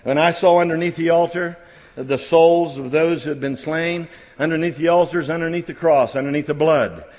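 A middle-aged man preaching at a church camp, folksy and halting with many restarts, building to fervent exhortation. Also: on the high side, fairly even intonation, darkish tone. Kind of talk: sermon. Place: church camp meeting hall. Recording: long hall reverb.

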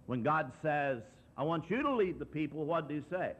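A man's voice: on the high side, lively intonation, moderate pace. A man preaching a sermon in a storytelling way, acting out the voices in his Bible story. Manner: storytelling, acts out quoted voices. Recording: dull lo-fi tape recording.

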